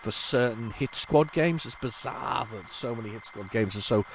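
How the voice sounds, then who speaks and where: A man's voice: mid-range voice, moderate pace, gravelly, a little hiss or hum. A man hosting a retro computing video, chatting casually and rambling to viewers as he tests old tapes. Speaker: retro computing channel host.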